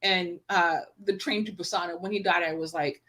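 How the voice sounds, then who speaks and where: A woman's voice: lowish voice, fairly even intonation, normal speed, sharp tone. A woman co-hosting a casual livestream chat, enthusiastic and swearing casually, with lots of "like" fillers. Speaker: co-host. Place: home, live stream.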